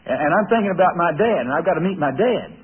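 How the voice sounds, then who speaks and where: A man's voice: on the high side, lively intonation, quick pace, slightly rough. A preacher telling a folksy sermon story, confiding in his listeners with chuckles. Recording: tinny radio broadcast.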